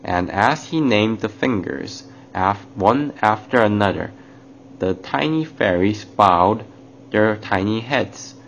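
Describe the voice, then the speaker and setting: A man's voice: on the low side, lively intonation, gravelly. A man narrating a children's fairy tale, addressing young listeners. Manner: slow, warm address to children. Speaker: storyteller. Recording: dull lo-fi, faint hiss.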